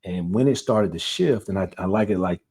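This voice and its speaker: A man's voice: low voice, fairly quick, darkish tone, slightly rough. A man, an author and car salesman, earnestly telling a personal story in a casual interview, often repeating words. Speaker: author guest.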